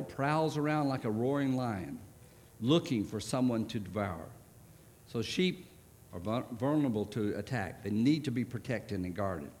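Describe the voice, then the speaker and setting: A man preaching a sermon, stressing words hard and then dropping to a soft voice for key points. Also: mid-range voice. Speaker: pastor.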